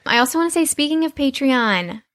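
Southern woman podcast co-host, casual and chatty, quick to laugh. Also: high-pitched, animated, a bit bright. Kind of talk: casual chat.

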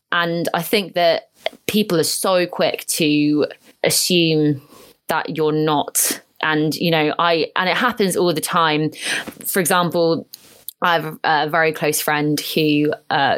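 A woman co-hosting a podcast, chatting casually and telling stories with quick laughing asides. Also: low-pitched. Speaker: podcast co-host. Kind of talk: casual chat. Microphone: podcast microphone.

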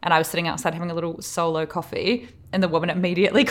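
A woman in her late twenties co-hosting a podcast, telling lively anecdotes and acting out what people said, swearing freely. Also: fairly low pitch, fairly quick. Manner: animated storyteller, acts out quotes, swears freely. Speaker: podcast co-host. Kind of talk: casual chat.

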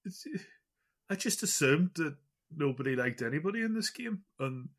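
A man's voice: on the high side, expressive, moderate pace, a bit bright. A man co-hosting a casual gaming podcast, rambling and self-deprecating with frequent stammered restarts. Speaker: podcast co-host.

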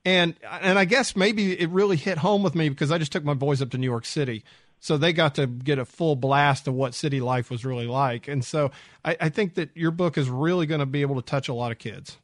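A man's voice: a little high, fairly quick, no echo, studio quality. A man hosting an interview, talking in an easygoing, chatty way full of fillers. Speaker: host. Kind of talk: radio interview.

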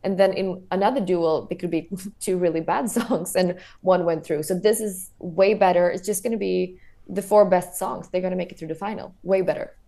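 A woman's voice: on the low side, moderate pace, gravelly, dark tone. A woman with a Swedish accent on a podcast panel, speaking in simple, plain phrases. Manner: reading lists plainly, explaining in simple phrases. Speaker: journalist panelist. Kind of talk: casual panel chat.

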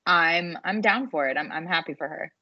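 A woman's voice: on the low side, normal speed, no room sound, dull audio. A young adult woman co-hosting a podcast, chatting casually about a reality show, often restarting her sentences and swearing casually. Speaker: podcast co-host. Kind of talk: casual recap chat.

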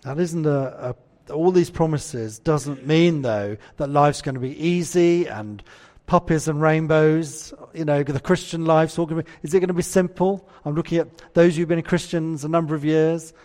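A man's voice: on the high side, normal speed, darkish tone. A man preaching a conversational sermon and often putting questions to the congregation. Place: church. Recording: church hall reverb.

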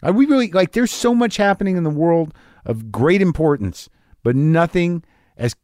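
A man's voice: on the high side, darkish tone, no room sound, clean studio sound. A man giving a rambling, self-deprecating confessional monologue as a podcast host.

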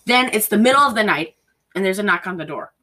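A woman talks in a casual podcast chat, her voice in a middle pitch. She rambles animatedly and acts out bits of scenes as she goes. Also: expressive, quick pace, over a noisy crowd, poor audio. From Polish heritage. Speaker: podcast co-host.

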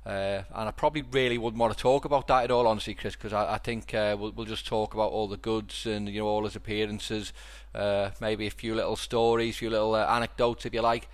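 A man's voice: lowish voice, little pitch movement, brisk, few pauses. Rambling Scouse man telling stories. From Liverpool, England. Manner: rambling storyteller with frequent restarts. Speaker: podcast host. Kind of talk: casual podcast chat.

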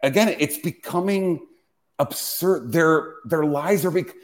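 A man's voice: fairly high pitch, takes it slowly. A man hosting a casual podcast, ranting with profanity and frequent restarts. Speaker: podcast host.

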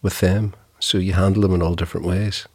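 A middle-aged man co-hosting a podcast, talking in a halting, wry way with chuckling asides. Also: deep voice, little pitch movement, darkish tone, breathy edge, no room sound, clean studio sound. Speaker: podcast co-host. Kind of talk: casual chat.

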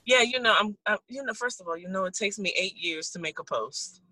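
A woman co-hosting a casual chat, telling stories in an animated way and laughing often. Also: mid-range voice, a little fast, dry recording, low-quality recording.

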